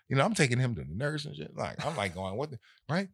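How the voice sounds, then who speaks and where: A man in casual conversation, telling a story in an animated way and acting out the voices of people in it. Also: mid-range voice, quick pace, hardly any pauses, dry recording, clean studio sound.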